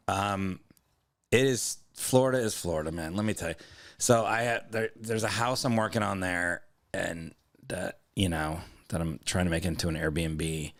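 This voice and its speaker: A young man co-hosting a comedy podcast, his everyday voice sitting on the low side. He tells a story loosely and casually. He keeps breaking into loud, animated impressions of the people in it. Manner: animated, acts out both sides of the story in loud raised voices. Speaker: podcast co-host.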